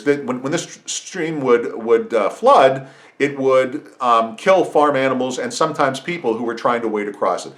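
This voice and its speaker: A middle-aged man hosting a podcast, talking through an opinionated monologue with frequent restarts and asides. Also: mid-range voice. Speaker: podcast host. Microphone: podcast microphone.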